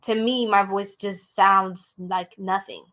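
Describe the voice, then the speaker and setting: Speaking slowly in a medium pitch, a young woman from the US gives a tarot reading over live stream. Her manner is chatty and animated, and she talks right to her audience, calling them "y'all."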